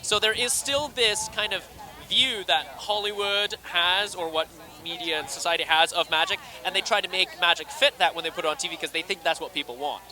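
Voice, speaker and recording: A man with a Scottish accent, chatting quickly and animatedly in an interview at a red carpet event. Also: sits high, a crowd in the background. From Scotland. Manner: fast, animated, acts out quoted voices. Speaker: interviewee, actor and magician.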